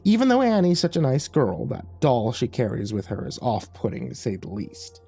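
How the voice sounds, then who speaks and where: A man's voice: medium pitch, huge pitch swings, normal speed, vocal fry, dark tone, husky, soft background music, heavily acted. A man voicing a prim older woman neighbor who sounds politely uneasy in a horror story.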